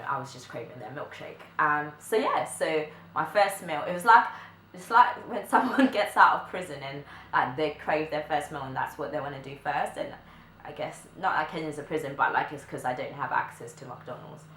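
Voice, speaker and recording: A young woman, telling a story to camera in a chatty way, full of filler likes and quick laughs. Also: deep voice, fairly bright tone. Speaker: vlogger. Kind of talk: casual storytime chat. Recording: echoey room, faint background noise.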